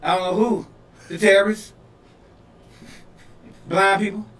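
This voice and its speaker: A man from Detroit, a comedian co-hosting a podcast, riffing loudly and laughing through his punchlines. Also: high voice, a little slow. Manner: animated, laughing, yelling punchlines. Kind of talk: loose comedic banter. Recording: echoey room, mic at a distance, faint noise.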